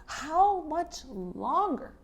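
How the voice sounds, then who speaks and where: A woman voicing a furious goddess queen who shouts in outrage at her husband. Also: high voice, expressive, a little slow, voice pushed up.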